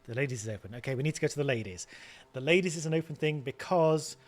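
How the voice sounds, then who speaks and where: A man's voice: on the high side, lively intonation, quick pace. A man hosting a let's play, thinking aloud in casual commentary and stumbling over repeated words.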